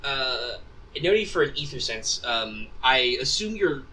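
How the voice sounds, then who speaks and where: Bright-voiced male game master. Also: mid-range voice, very animated, unhurried, a little hiss or hum, poor audio. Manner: rambling, many ums and asides. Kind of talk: narrating a tabletop game.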